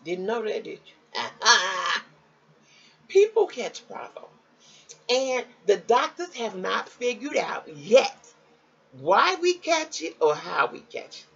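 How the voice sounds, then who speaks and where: A woman telling viewers a personal health story in a casual, animated way, talking straight to them. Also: slow pace, gravelly, breathy edge, dull audio. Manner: animated, jumps high when quoting others; conversational, addresses viewers as y'all.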